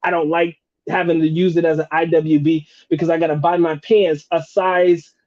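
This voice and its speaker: A man hosts a live stream with a high yet mellow voice. He talks in a casual, slangy and profane way and laughs often. The stream audio sounds dull and lo-fi. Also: level tone, normal speed, dry recording. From North Carolina, USA. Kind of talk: casual livestream chat.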